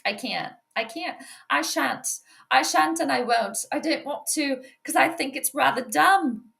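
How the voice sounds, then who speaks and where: Casting: a woman doing a haughty mock-posh British lady, high and bright, stubborn refusals. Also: measured pace, creaky, full character voice. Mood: prissy refusal. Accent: put-on British.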